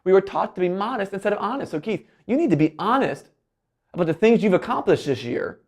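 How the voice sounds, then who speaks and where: A man giving a motivational keynote talk, animated, often acting out quoted voices and his own self-talk. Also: sits high, brisk. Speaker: keynote speaker.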